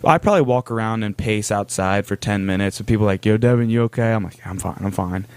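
A man's voice: on the low side, quick pace, smooth, no echo. Young guy rambling thru a story, lots of "like"s, podcast chat. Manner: rambling storyteller, many fillers. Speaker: podcast co-host telling a story. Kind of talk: casual chat.

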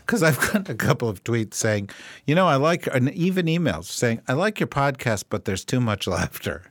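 A man's voice: mid-range voice, very animated, moderate pace, no echo, clean studio sound. A man hosting a political podcast in casual chat, wry and joking, rambling through his points. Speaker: podcast host.

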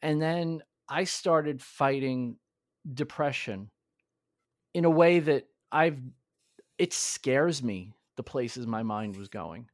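A man's voice: mid-range voice, slow pace, dry recording, clean studio sound. A man telling his story in a candid, earnest conversation, often restarting his sentences. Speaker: podcast guest.

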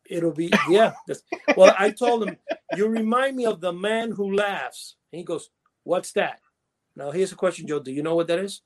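Man, high voice, casual chat co-host, rambling, restarts sentences. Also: moderate pace. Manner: rambling storyteller, restarts, laughs at his own stories. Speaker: podcast co-host.

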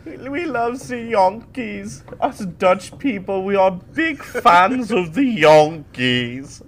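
A man's voice: high voice, lively intonation, rapid-fire, pitched above the performer's own voice. A man voicing a swooning male Yankees fan with campy, gushing delivery.

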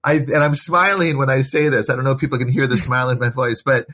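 A man's voice: medium pitch, fairly even intonation, fast, pushed and bright. A man speaking as a guest author in a podcast interview, giving earnest, encouraging parenting advice in a preacherly way.

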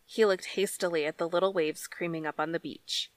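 A woman narrating a story in a measured, deliberate reading style. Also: on the low side, steady tone. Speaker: audiobook narrator.

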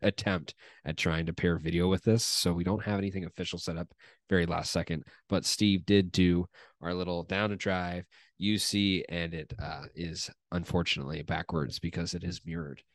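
A man's voice: sits low, normal speed, creaky, dry recording, clean studio sound. A man hosting a sports podcast, chatting casually and upbeat, laughing easily. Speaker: podcast host.

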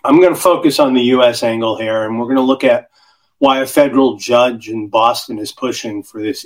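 Man, podcast panelist, prepared commentary, steady even delivery. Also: medium pitch, low-quality recording.

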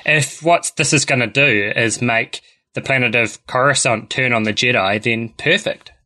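A man co-hosting a podcast, chatting in a wry, animated way and laughing easily. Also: medium pitch, moderate pace. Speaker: podcast co-host. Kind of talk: casual chat.

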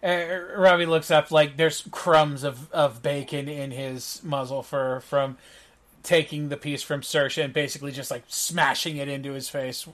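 A man's voice: fairly high pitch, fairly even intonation, measured pace, a bit bright. A man narrating a tabletop game as game master, chatty and full of fillers. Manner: chatty with many fillers and restarts.

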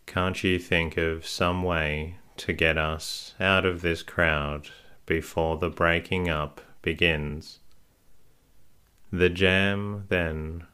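A man's voice: low voice, fairly even intonation, takes it slowly, smooth, full character voice. A man reading as a concerned young woman. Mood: urging. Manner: quietly urgent whisper. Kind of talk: scripted bedtime story narration.

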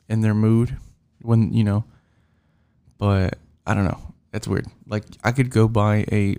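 A driver vents casually about his coworkers, rambling in frustration with plenty of fillers and restarts. His voice is low-ish, mellow, and gravelly.

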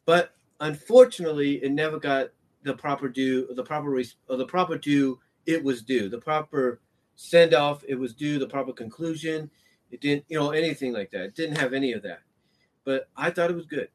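A man talking about cartoons in a casual, rambling monologue, full of fillers and restarts, and he gets more excited as he goes. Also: fairly high pitch, moderate pace. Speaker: commentator on animation history.

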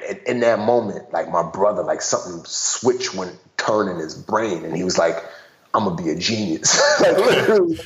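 A man, a guest and author, telling personal stories in an animated casual way, full of "you know" fillers. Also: fairly low pitch. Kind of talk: casual storytelling conversation. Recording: dull roomy sound.

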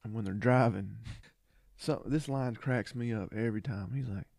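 A man co-hosting a podcast in casual chat, animated as he quotes movie lines and laughs along. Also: lowish voice, moderate pace, gravelly, no echo, clean studio sound. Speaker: podcast co-host.

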